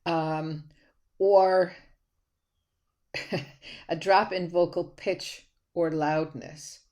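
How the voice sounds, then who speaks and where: A woman's voice: lowish voice, fairly even intonation, drawn-out words, a little mellow. A woman college instructor giving a recorded lecture on slides, talking conversationally with frequent restarts and fillers.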